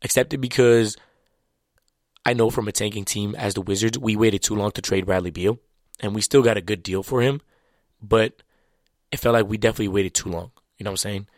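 A man's voice: on the low side, brisk, dry recording, clean studio sound. A man whose first language is French, chatting casually about basketball in a loose, slangy way full of restarts. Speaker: basketball commentator. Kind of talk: casual sports talk.

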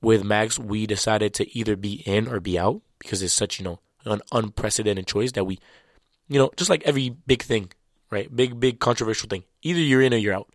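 A man whose first language is French talks basketball in a loose, chatty way, full of slang and restarts. His voice sits fairly low. The sound is dry and close, with no room echo. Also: a little fast. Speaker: basketball commentator. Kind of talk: casual sports talk.

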